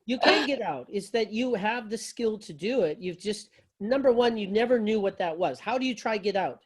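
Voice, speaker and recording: A man's voice: sits high, lively intonation, moderate pace. A man teaching yoga philosophy to a class, talking loosely and conversationally, with folksy phrasing and frequent restarts.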